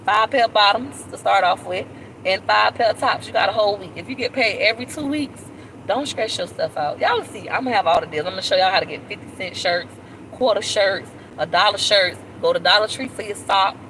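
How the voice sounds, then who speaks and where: A woman vlogger chatting casually on a live stream, animated and talkative, with squealing high jumps when she quotes people. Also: brisk, slight background noise, rough recording.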